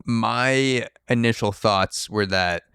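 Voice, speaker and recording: Young guy podcasting, rambly and joking around, smooth clear voice, dry sound. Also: lowish voice, slow, fairly bright tone, dry recording. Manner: rambling, speculative, jokey. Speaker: podcast host. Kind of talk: casual chat.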